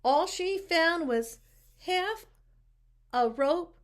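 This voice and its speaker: A woman reading a picture book aloud, expressive and talking to the listeners with questions. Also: very high voice, drawn-out words. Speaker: storybook reader.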